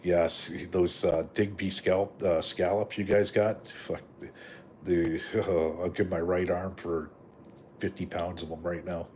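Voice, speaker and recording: A man's voice: sits low, level tone, unhurried, a little mellow, slight background noise. A middle-aged man from Canada hosting a live stream, chatting in a rambling, profane way with lots of fillers and "right?" tags. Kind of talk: casual rambling live chat.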